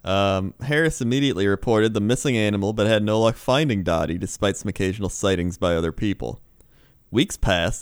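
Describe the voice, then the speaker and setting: A man's voice: lowish voice, dry recording, studio quality. A man co-hosting a casual comedy talk show, reading odd news stories aloud and laughing often.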